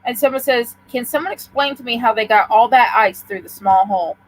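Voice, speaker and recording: A woman reading jokes aloud during a casual chat, her delivery deadpan. Her voice sits a little higher than most women's. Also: fairly quick, low-quality recording.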